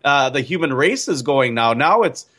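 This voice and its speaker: A man's voice: medium pitch, sing-song, moderate pace, fairly bright tone. A man hosting an interview, asking musing, conversational questions. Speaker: host. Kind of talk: casual interview talk.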